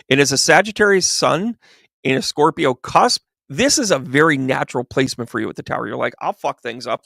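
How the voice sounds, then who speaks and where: A man who works as a medium chats through a tarot reading on a livestream, telling stories animatedly and acting out the quoted voices. His voice is a little high and creaky, with clean studio sound and no room sound.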